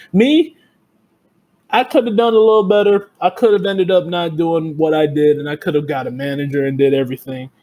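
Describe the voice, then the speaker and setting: A man's voice: a little high, darkish tone. A young man telling a heated, profane story in a casual podcast chat. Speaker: podcast co-host.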